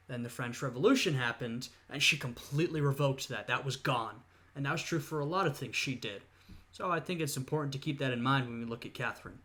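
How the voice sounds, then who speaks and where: A young man with a bright, forward voice talks through a history video in a relaxed reaction style. He thinks aloud, filling the gaps with "uh" and "you know" as he explains. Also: medium pitch. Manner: thoughtful, lots of "uh" and "you know". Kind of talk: casual reaction commentary.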